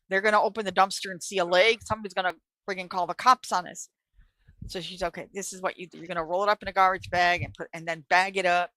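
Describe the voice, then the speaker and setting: A middle-aged woman from New York hosts a live stream and tells a story in a blunt, profane way. Her voice is bright and forceful. The sound is close and dry. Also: mid-range voice, no room sound, poor audio. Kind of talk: casual storytelling.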